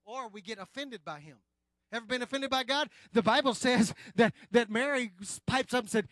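Addressing the congregation directly, a high-pitched male pastor delivers a sermon that shifts from loud, emphatic moments to hushed, slow passages. There is no echo.

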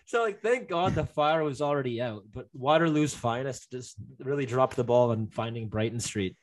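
Young guy, casual storyteller, rambly, filler-heavy, mid-pitched. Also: fairly even intonation, moderate pace. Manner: rambling, many fillers and restarts. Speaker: guest telling a story. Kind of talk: casual chat.

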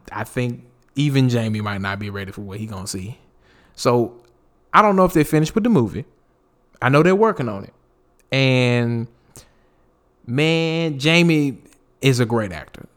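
A man hosts his own podcast alone, talking loosely and profanely about the news. His pitch rises and dips with plenty of swing, and he laughs often and drops into quick impressions of people he talks about. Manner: animated, laughing, profane, mimics celebrities mid-story. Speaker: podcast host. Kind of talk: casual solo podcast chat. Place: home recording space.

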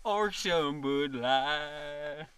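Slow deadpan man, smooth and bright. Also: a little high. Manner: deadpan, dry mock-disapproval. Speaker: podcast co-host. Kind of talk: casual chat.

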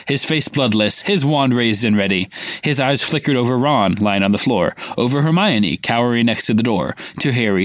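A man's voice: medium pitch, no room sound. A man co-hosting a podcast, reading a novel aloud in a casual way and giving the characters' lines a little acting. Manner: reads dialogue with light acting, stops to quiz his co-host.

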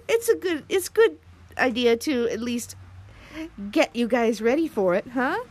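Children's host: a woman with a high, bouncy, sing-song voice who talks to little kids unhurriedly. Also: darkish tone. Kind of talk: children's sing-along lesson.

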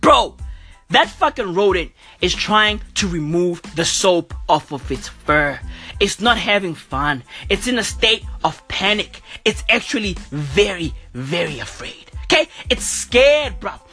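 Woman comic ranting with lots of swearing, lively, bright and husky. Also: lowish voice, a little slow, faint music behind. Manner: profane, repeating bruv and okay. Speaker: comedian vlogger. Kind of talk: profane comic rant.

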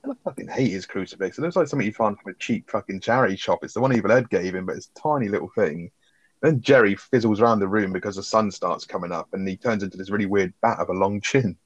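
A man's voice: fairly low pitch, fast talker, no room sound, highs cut off. A man talking casually about a film on a podcast, swearing often and laughing as he talks. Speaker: podcast co-host.

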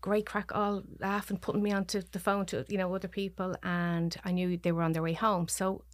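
A woman with a Dublin Irish accent, a podcast guest telling a personal story, soft-spoken and often dropping to near whispers. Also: mid-range voice, flat delivery, fairly quick, dry recording. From Ireland.

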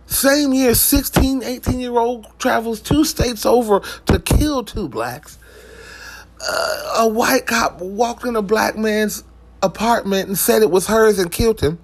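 A vlogger with a high voice and measured pace rants to the camera in a comic, profane vlog. He swears heavily, restarts often and drifts into asides.

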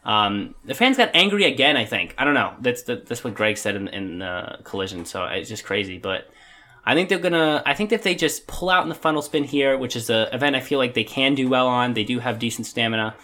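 This podcast co-host is a young man with a medium-pitched, lively voice that comes across brisk and sharp. His casual chatter wanders, full of hesitation and frequent restarts.

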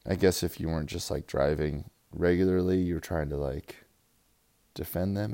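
A young man giving a profane, rambling fantasy football recap, swinging from loud hype to low mumbles. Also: steady tone, normal speed. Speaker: fantasy football league player.

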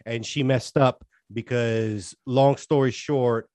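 A man co-hosts a casual podcast, speaking at an ordinary middle pitch in long, earnest runs of thought that wander and trail off. His voice sounds dry and close, with little room around it. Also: steady tone, slow, a little mellow, no room sound. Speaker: podcast co-host. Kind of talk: casual chat.

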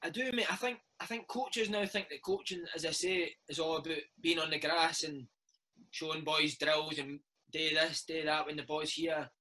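Scottish guy telling stories, bright voice, a bit high, keeps saying mate. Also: moderate pace, poor audio. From Scotland. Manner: lively, laughing, says mate a lot. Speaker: interviewee, former footballer. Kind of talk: casual storytelling chat.

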